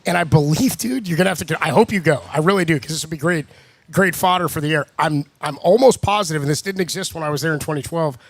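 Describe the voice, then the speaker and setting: A man's voice: a little high, quick pace, no echo. A young man co-hosting a sports radio show in a loose, joking way, saying dude a lot. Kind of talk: casual radio chat.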